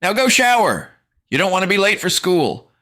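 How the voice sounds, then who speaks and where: A man's voice: high voice, sing-song, moderate pace, sharp tone, pitched above the performer's own voice, full character voice. A man voicing a strict, peppy mother in her late thirties who barks exercise commands like a drill sergeant, in an audiobook. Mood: bossy. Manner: bossy sing-song drill commands. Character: strict peppy fitness-drill mom, nearly forty.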